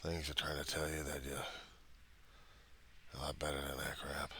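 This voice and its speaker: A man's voice: extremely low pitch, little pitch movement, normal speed, creaky, sharp tone, slight background noise. A man venting in a personal diary monologue, angry, rambling and profane. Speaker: diarist.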